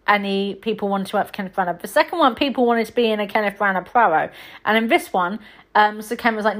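A woman's voice: mid-range voice, brisk, fairly bright tone. Chatty woman reviewing films. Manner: chatty, rambling, frequent ums and self-corrections. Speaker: podcast host. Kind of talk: casual film review chat.

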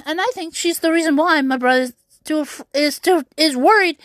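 A woman's voice: high voice, brisk, a bit bright, no echo. A young woman telling an upsetting personal story on her vlog, rambling with many restarts and fillers. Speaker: YouTuber.

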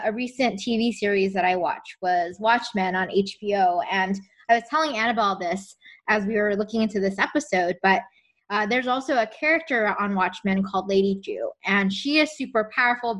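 A woman's voice: medium pitch, normal speed, a bit bright. A young woman co-hosting a podcast, chatting enthusiastically with casual slang. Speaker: podcast co-host. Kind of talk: casual chat.

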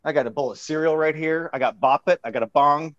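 A man's voice: on the high side, quick pace, fairly bright tone. A man improvising a rambling, goofy tech support agent in a comedy phone call.

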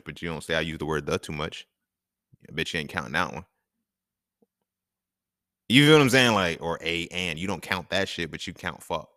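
A young man hosting a casual podcast monologue, talking in an animated, profane way and laughing often. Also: low voice, dry recording, clean studio sound. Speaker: podcast host.

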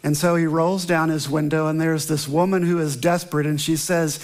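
High-voiced earnest male pastor. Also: flat delivery, a little mellow. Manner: earnest storytelling, emphatic slow repetitions. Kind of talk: sermon with opening prayer.

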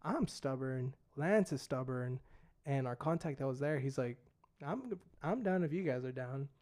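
A man's voice: medium pitch, lively intonation, moderate pace, a little mellow. A young man, a missionary guest, casually telling a story and saying "dude" and "like" a lot. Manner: laid-back, fillers like "dude" and "like".

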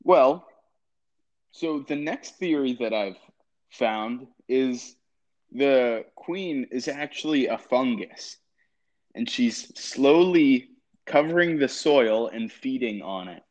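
A man's voice: mid-range voice, animated, slow pace, darkish tone. A man hosting a casual comedy podcast, hesitant and giggly, leaning on fillers. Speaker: podcast host. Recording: dull lo-fi recording.

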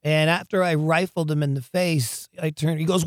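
A man spins wild stories for an interviewer, excitable and profane, stumbling over his words and laughing as he goes. His voice sits a little high, and the close mic in a dry room keeps every word up front. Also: moderate pace, no echo. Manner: excitable, profane, laughs often, shouts in put-on voices, stammers. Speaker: guest, rock singer. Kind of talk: animated storytelling in an interview.

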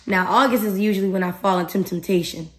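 Woman doing a motivational podcast, mid pitch, emphatic, talks right to the listeners. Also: quick pace, a little hiss or hum. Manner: animated and emphatic, addresses listeners directly, acts out her own thoughts. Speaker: podcast host. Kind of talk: casual motivational talk to listeners.

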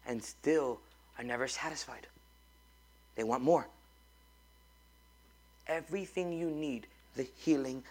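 Gravelly-voiced man preaching a sermon. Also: medium pitch. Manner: emphatic, repetitive call-and-response preaching. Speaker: pastor. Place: church before a congregation.

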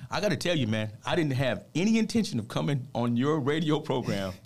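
A man speaking as a guest on a radio show, a motivational speaker with a gravelly, fry-edged voice. His pitch sits in an ordinary middle range. He tells a personal story in an earnest, preachy way and keeps tossing in "man" between his points. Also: lively intonation, a little fast, hardly any pauses.

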